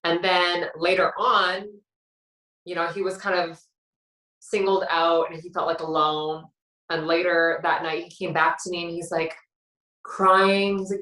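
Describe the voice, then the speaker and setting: A woman's voice: fairly low pitch, flat delivery, measured pace, a bit bright. A woman from Canada, a guest telling her story with drama and acting out who said what. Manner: dramatic, acts out quotes of herself and others. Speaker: reality show contestant guest. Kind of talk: animated storytelling interview. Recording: roomy echo, distant from the mic.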